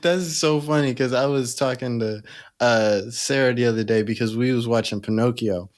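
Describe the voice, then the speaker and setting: A man co-hosting a podcast in casual chat, lively and laughing a lot. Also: mid-range voice, normal speed. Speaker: podcast co-host.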